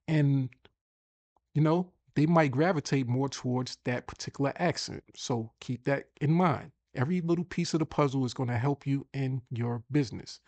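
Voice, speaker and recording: A man's voice: mid-range voice, darkish tone, no echo. Chatty man giving a casual tutorial. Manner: chatty, thinks aloud, repeats himself. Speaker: host. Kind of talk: casual screen-share tutorial.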